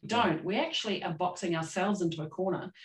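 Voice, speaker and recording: Woman host, used to own a salon, lowish voice, kinda roomy echo, agrees a lot. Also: a little fast. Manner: agreeable, reflective, builds on the guest's points. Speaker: podcast host and former salon owner. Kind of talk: casual podcast conversation.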